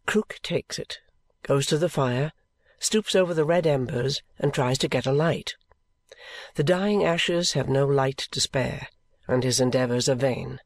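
A man reading a novel aloud as an audiobook narrator, with a measured, even delivery. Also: medium pitch, dry recording. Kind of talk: scripted narration.

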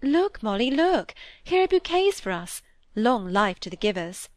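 Careless, teasing young woman read by a woman, brisk storybook voice, dry sound. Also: medium pitch, expressive, no echo, close to an everyday voice. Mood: breezy. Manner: brisk, breezy, dismissive.

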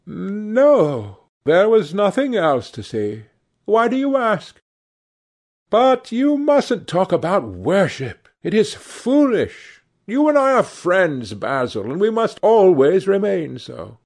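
A man's voice: high-pitched, sing-song, slow pace, creaky, darkish tone, pitched above the performer's own voice, heavily acted. A man reading aloud and voicing a charming, evasive, secretive young man in a light, lifted voice. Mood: airy, evasive.

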